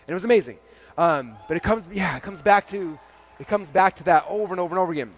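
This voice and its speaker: Fast-talking man telling stories on stage. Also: high-pitched. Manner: acts out dialogue with "I'm like" and "he's like", lots of fillers. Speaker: keynote speaker at his company's event. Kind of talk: animated storytelling talk to a live audience.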